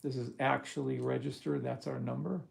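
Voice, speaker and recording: Gravelly, profane man ranting to viewers. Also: medium pitch, flat delivery, fairly quick. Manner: blunt and profane, rising into loud rants. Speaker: trading course host. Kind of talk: live-stream talk to viewers.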